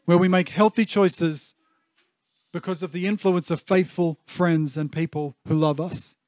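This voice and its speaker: Earnest, high-voiced pastor. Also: male voice, fairly even intonation, measured pace, darkish tone, no room sound. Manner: heartfelt, earnest, with frequent fillers and restarts. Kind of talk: sermon.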